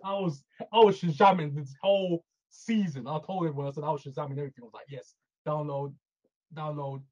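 A man co-hosting a casual TV review chat, excitable and laughing often, swearing casually. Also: a little high, racing, muffled recording. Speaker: podcast co-host.

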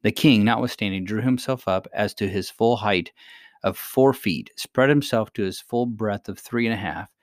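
A man narrating a storybook aloud in a steady, even read. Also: on the low side, moderate pace, dry recording, clean studio sound. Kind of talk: storybook reading.

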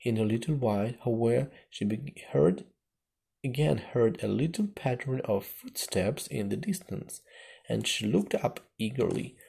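A man narrating a classic storybook aloud, slow and expressive. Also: mid-range voice, vocal fry, breathy edge. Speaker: audiobook narrator.

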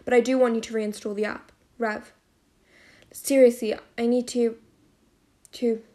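A woman reading the part of a quiet, tense teenage boy in an audiobook, speaking low and tight. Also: level tone, a little slow, natural voice. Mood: tense, restrained.

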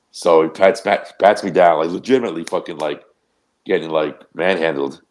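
A man on a podcast telling a rambling, profane anecdote in a casual, animated way. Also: low-pitched, a little fast. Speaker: podcast co-host. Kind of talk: casual storytelling.

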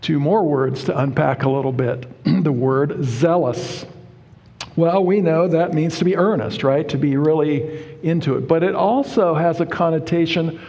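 A man preaching a sermon, explaining Bible verses word by word in a deliberate, emphatic way. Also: a little high, mellow. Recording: reverberant hall.

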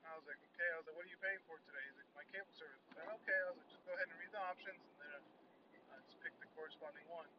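A young man hosting a podcast, telling a story about a customer in a profane, animated casual rant. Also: fairly high pitch, rapid-fire. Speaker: podcast host. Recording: distant, muffled, noisy recording.

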